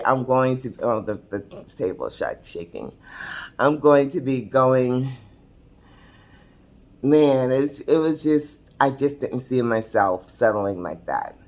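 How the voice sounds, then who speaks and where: A woman in her sixties telling her own story to camera in a chatty, confiding way, often laughing mid-sentence. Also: very deep voice. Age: 60s. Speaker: vlogger. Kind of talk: casual personal storytelling to camera. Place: seated at a table indoors.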